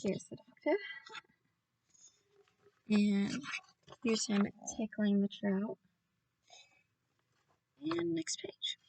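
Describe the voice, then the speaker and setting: A woman's voice: mid-range voice, animated, very slow, gravelly, pauses often, no echo, distant mic. A woman reading a children's novel aloud, breaking off for casual asides to her viewers. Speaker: audiobook reader.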